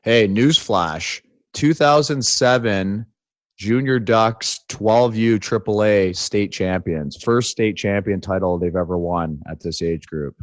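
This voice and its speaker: A male podcast co-host in easy, joking chat. His voice is fairly low, and he tells stories in a loose way, checking in with "right?" as he goes. The sound is close and dry. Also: slow pace, no echo. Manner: bantering, storytelling with many "like"s and "right?"s. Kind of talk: casual chat.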